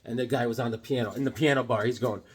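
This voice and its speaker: A middle-aged comic collector vlogger talks fast in a slightly rough mid-range voice, showing off his comic book pickups. His casual chat is enthusiastic and excitable, and he cracks jokes along the way.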